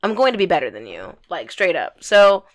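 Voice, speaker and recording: A woman's voice: lowish voice, sing-song, a little fast. Blunt, foul-mouthed young woman telling a story. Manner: blunt storytelling, swears freely, many likes. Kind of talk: casual podcast chat.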